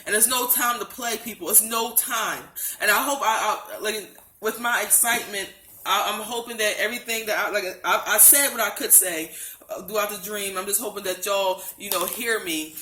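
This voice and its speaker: An earnest woman vlogger, her bright, medium-pitched voice echoing with a slight hiss or hum, describes a religious dream to the camera. She is close to tears with her heart racing. Her delivery is pleading and repetitive, full of restarts.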